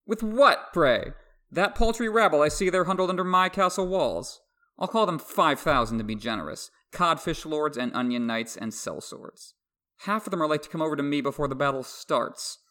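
A man's voice: on the high side, lively intonation, normal speed, bright, forceful tone, pitched above the performer's own voice. A man voicing a smug, mocking young lord. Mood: boastful. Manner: teasing, airy and boastful. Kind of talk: dramatic reading of a novel.

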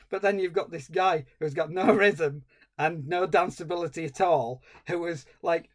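A man's voice: on the high side, a little mellow. A man, co-hosting a film podcast in casual chat, ranting comically and swearing. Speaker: podcast co-host.

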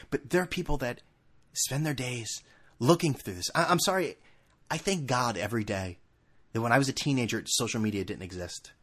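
A man's voice: mid-range voice, a bit bright. A man in his thirties hosting a solo podcast from a room at home, ranting in a profane, sarcastic and heated way, full of restarts. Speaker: podcast host.

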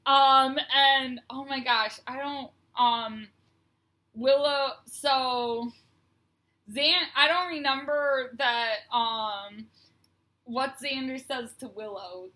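A woman co-host chats loosely through an episode recap, slipping into quick playful impressions of the characters. Her voice sits high and bright. The tone stays relaxed and conversational. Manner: chatty, recaps scenes with playful quoted lines and laughs. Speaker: podcast co-host. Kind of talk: casual recap chat.

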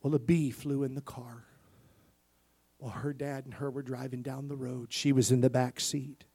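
Here a male pastor gives his sermon at a moderate pace with a level tone, his voice husky, breathy, and of average pitch. Loud, emphatic moments alternate with hushed near-whispers, and he prompts listeners to say amen.

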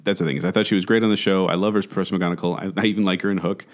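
A man's voice: sits low, fairly even intonation, racing. A man co-hosting a podcast, chatting casually with friends and laughing often. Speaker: podcast co-host. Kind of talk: casual panel chat.

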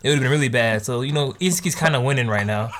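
A man chatting casually as host of an anime review, animated and slangy, laughing often. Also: mid-range voice, fast talker, noisy background.

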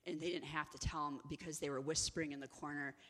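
A woman giving an inspirational teaching talk, animated and acting out the people in her stories. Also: low voice, fast, big-room sound. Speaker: ministry executive director.

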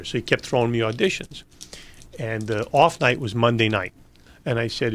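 Male interview guest, mid pitch, loose storyteller, laughs through his anecdotes. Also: normal speed, a bit bright. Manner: rambling anecdotes with laughs and restarts. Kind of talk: casual storytelling.

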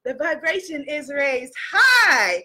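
Woman life coach on a live stream, very high and bright voice, exuberant, cheering, out of breath. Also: big pitch swings, slow. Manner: exuberant, laughing often, calling out cheers. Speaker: spiritual business coach. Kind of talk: live-streamed motivational talk.

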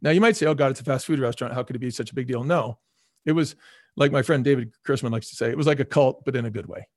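A man's voice: medium pitch, very fast, no echo, clean studio sound. A middle-aged man, a former restaurant chain chief, telling stories in an interview, repeating words for emphasis and acting out the voices of the people he quotes. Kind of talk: casual storytelling interview.

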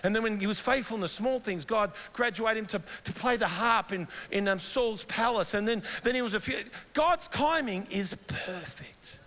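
Australian man preaching, high voice, bright tone, animated storytelling, reverb of a big church hall. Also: fairly quick, few pauses. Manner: animated storytelling, mimics his wife in quoted dialogue. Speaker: guest pastor. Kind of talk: sermon with personal stories.

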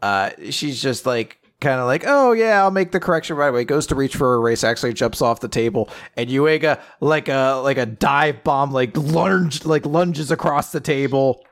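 A man co-hosting a podcast, casually recapping a manga chapter and quoting the characters in quick put-on voices. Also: mid-range voice. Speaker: podcast co-host.

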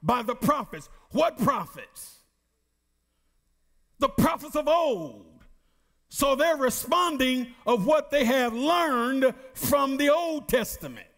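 High-voiced preacher, slow and lively. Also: male voice, creaky. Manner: preaching with call-and-response questions to the congregation; reads scripture slowly with emphasis. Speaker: pastor. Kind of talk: sermon.

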